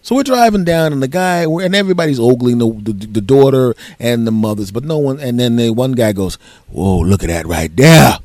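A male podcast host telling a comic story in a sarcastic, animated way, often breaking into loud, high impressions of his friends. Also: fairly quick, hardly any pauses, no room sound, clean studio sound.

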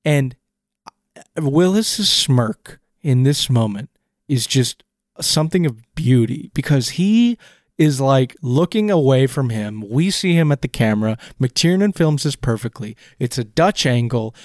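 A man's voice: medium pitch, expressive, unhurried, no echo, studio quality. A man co-hosting a casual podcast, picking apart a film scene with enthusiastic, rambling analysis and frequent restarts. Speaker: podcast co-host.

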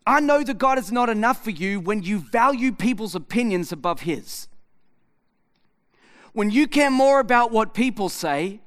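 Male pastor, 30s, bright lively delivery, tells stories in his sermon. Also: high voice, moderate pace. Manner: animated, acts out conversations with his son. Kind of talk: sermon with storytelling.

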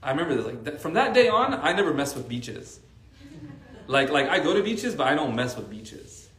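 A man's voice: fairly high pitch, moderate pace, roomy sound. A man who teaches Arabic, giving a casual religious talk to a faith circle and telling stories with lots of "like" fillers. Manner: animated storytelling with many "like" fillers.

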